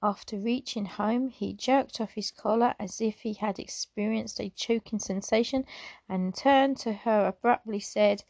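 A woman's voice: medium pitch, measured pace, vocal fry, no room sound. Woman reading a memoir aloud, dry sound. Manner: stumbles over words and apologizes, reading on; unscripted asides with soft laughs. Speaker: reader.

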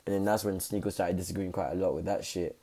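A man's voice: low-pitched, fairly even intonation, quick pace, dark tone. A young man giving casual, rambling commentary full of slang and fillers. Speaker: content creator.

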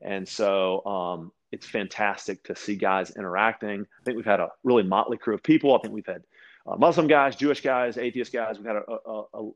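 A man from Louisiana, chatting casually as a guest and telling animated stories, often restarting his sentences and acting out quoted voices. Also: lowish voice, brisk, muffled recording. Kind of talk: casual storytelling chat.

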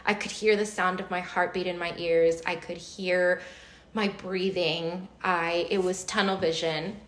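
A woman telling a personal story to her co-host in casual chat at a kitchen table at home, animated and quick to laugh. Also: lowish voice, reverberant. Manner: animated, acts out quoted voices, laughs often. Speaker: podcast co-host.

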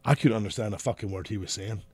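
A middle-aged man with a softened Scottish accent, swearing and laughing through casual podcast banter. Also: on the low side, quick pace, husky, no room sound. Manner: crude, swears a lot, laughs often. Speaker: podcast co-host. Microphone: studio podcast mic.

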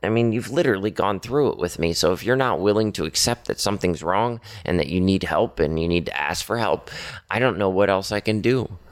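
A man talking earnestly in a personal confessional monologue to his partner, halting often with fillers and restarts. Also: deep voice. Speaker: podcaster speaking to his partner.

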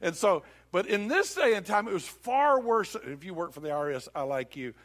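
A man's voice: sits high, animated, moderate pace, fairly bright tone. A man preaching a sermon in a church, telling folksy stories and joking with the congregation. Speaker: pastor.

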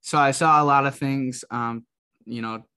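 A man's voice: medium pitch, steady tone, moderate pace, pushed and bright, clear, resonant tone. A man hosting a sports podcast in casual chat, talking loosely with many fillers. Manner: loose, filler-heavy, says "like" a lot. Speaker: podcast host.

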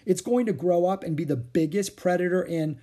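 A man's voice: high voice, brisk, mellow, voice pushed up. A man voicing a cautious, worried young boy who grumbles in exasperation, in a read-aloud storybook. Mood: fretful. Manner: exasperated and fretful.

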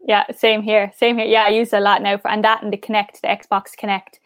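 A woman's voice: medium pitch, level tone, a little fast, a bit bright, smooth, no echo, studio quality. A young woman with an Irish accent, a guest in a casual interview, chatty and upbeat with lots of "like" and "I suppose". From Ireland. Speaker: interview guest, pageant finalist.

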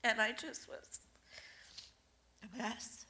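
A woman in a church sanctuary giving a personal testimony while crying, halting and apologetic. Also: on the high side, vocal fry, fairly bright tone.

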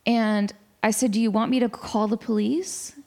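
A woman in her forties in a casual discussion, telling a story in an animated way with many restarts. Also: fairly high pitch, moderate pace.

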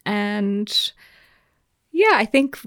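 A woman's voice: medium pitch, lively intonation, very slow, no room sound, studio quality. A woman co-hosting a podcast, chatting casually and giggling as she tells stories. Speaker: podcast co-host. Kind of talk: casual chat.

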